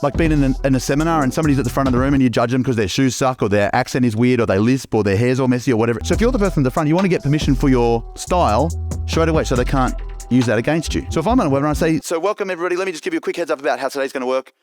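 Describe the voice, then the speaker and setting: A middle-aged Australian man talks at a rapid clip to a live audience and keeps tossing questions at them. His voice sits at an ordinary pitch, and faint music plays behind him. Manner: animated, quick, asks the crowd questions. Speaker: business coach. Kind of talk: energetic seminar talk to a live audience.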